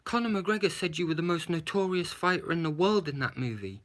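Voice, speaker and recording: A man's voice: fairly high pitch, animated, brisk, few pauses, a bit bright. A man giving a blunt, sarcastic movie review, swearing and adding "yeah?" to his points. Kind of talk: casual movie review rant.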